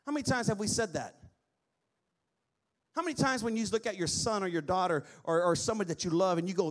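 Man, pastor, high voice, sermon in a church, scripture reading, call-and-response with the congregation. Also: fast, pauses often. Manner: preaching, quoting scripture, calls on the congregation to respond.

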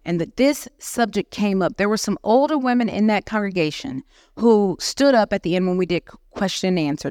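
A woman preaching to a women's session at church, lively and conversational. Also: mid-range voice, no echo, clean studio sound. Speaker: guest speaker. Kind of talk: teaching sermon. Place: church hall.

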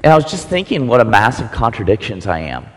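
Rambling, joking middle-aged pastor. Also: male voice, on the low side, big pitch swings, quick pace, big-room sound. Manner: rambling, joking, with many fillers. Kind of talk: casual chat before a sermon. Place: outdoor church gathering.

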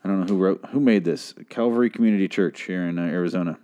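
A man's voice: sits low, fast talker, dark tone. A man hosting a solo podcast, reading aloud and commenting with profane, sarcastic ranting. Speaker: podcast host.

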